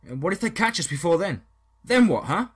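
A husky, panicky young farmer, as a man puts him on, his voice climbing higher and louder than the narrator's. He sounds shaken and close to breaking in this horror audio story. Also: animated, fast talker. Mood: scared. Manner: panicky, pleading. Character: scared young man, farmer and new father.

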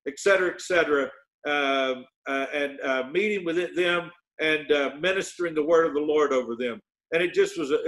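A man, a guest minister telling a testimony with many pauses and fillers. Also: a little high. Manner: halting with many fillers, bursts of excited quoting. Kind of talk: storytelling testimony.

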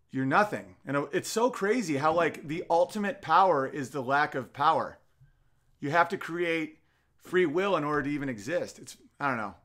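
Profane, heated man hosting a podcast. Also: a little high. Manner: profane, heated, swings between loud outbursts and muttered asides. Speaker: podcast host. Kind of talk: casual podcast rant, reading chat comments.

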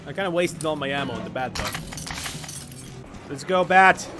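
A man streaming a video game, giving excitable live commentary that swings between mumbling asides and shouts at the screen. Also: on the high side, normal speed. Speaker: gaming streamer. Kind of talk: live let's-play commentary. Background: game music.

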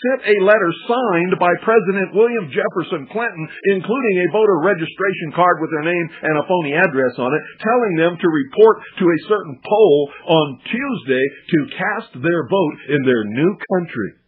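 A man's voice: high voice, expressive, normal speed, hardly any pauses, breathy edge. A man hosting political talk radio, lecturing indignantly and firing off rhetorical questions. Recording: tinny lo-fi archived radio broadcast.

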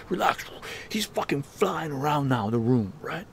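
A man's voice: fairly high pitch, moderate pace, gravelly, slight background noise. A man hosting a livestream, telling a story casually with lots of swearing and laughter. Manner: profane, laughing, animated storytelling. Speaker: livestream host.

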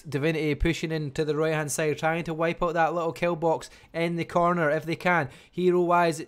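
A Scottish man casting a live online strategy game match, talking fast and chattily and barely stopping for breath. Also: a little high, clean tone. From Scotland. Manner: fast, chatty, talks without pausing. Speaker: game caster. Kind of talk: live esports commentary.

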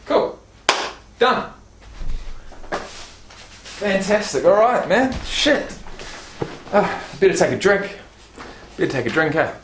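Male vlogger, casual and chatty, slightly high voice, roomy echoey room. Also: very animated, unhurried, long pauses, fairly bright tone, slight background noise. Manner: chatty, reads card stats aloud, swears casually. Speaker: YouTube vlogger. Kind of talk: casual unboxing vlog. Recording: roomy echo.

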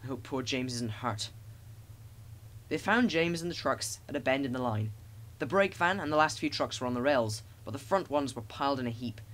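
A man narrating a children's railway storybook in a gentle, expressive reading. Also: medium pitch, brisk. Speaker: audiobook narrator.

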